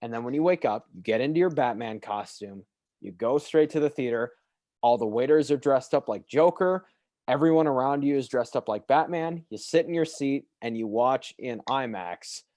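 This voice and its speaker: Young man, earnest and emphatic chat, mid pitch, dry close mic. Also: normal speed, warm tone, no echo. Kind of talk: casual chat.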